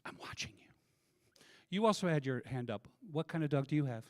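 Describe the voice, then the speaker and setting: A man performing a stand-up comedy set at a convention, chatting with the crowd and landing deadpan punchlines into a handheld mic. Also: mid-range voice, quick pace, no echo.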